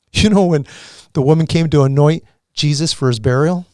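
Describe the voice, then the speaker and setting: A man giving an emotional personal testimony as a podcast guest, earnest and halting, with many restarts. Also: on the high side, a little mellow, no echo, studio quality.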